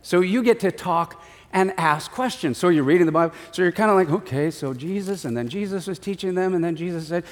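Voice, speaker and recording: A man delivers an animated sermon, slipping into small acted voices as he tells stories. His voice sits high for a man. Long reverb from a church hall trails every line. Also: fairly quick. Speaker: pastor.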